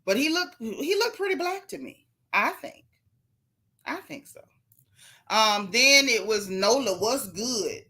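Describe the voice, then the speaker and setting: A woman's voice: on the high side, animated, measured pace, sharp tone, breathy edge. A middle-aged woman, hosting a gossip commentary show in a sassy, emphatic way, talking straight to her viewers. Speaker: host.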